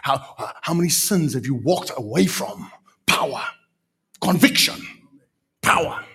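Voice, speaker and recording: A man with a South African accent preaching a sermon in an animated, emphatic way, full of rhetorical questions. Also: fairly high pitch, measured pace, breathy edge.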